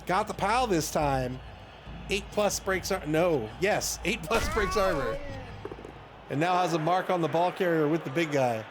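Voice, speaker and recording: Animated high-voiced man telling stories. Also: measured pace. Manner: chatty, self-mocking storyteller, laughs often. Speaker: stream commentator. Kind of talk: casual game commentary and chat. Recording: audible background noise.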